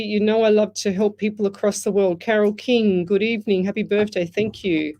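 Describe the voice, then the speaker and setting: This psychic medium's voice is medium-pitched and warm, moving at a moderate pace with few pauses. Hosting live radio from a studio, she chats rambling over a headset mic, greets listeners by name, and reads out what they've written.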